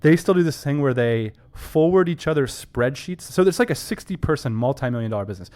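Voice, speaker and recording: A man co-hosting a casual business podcast, talking emphatically and enthusiastically with quick asides. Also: medium pitch, lively intonation, warm tone. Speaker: podcast co-host.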